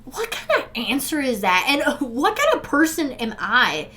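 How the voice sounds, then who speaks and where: A woman's voice: sits high, big pitch swings, measured pace. A young adult woman telling her own story to the camera in an earnest, emotional way, speaking straight to her viewers. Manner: swings from forceful urging to soft, subdued recollection. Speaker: vlogger sharing a personal story. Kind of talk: candid direct-to-camera storytelling.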